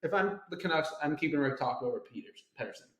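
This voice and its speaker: A man co-hosting a casual sports podcast, steady and steering the talk, with frequent ums. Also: fairly high pitch, fast talker. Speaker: podcast co-host. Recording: echoey room.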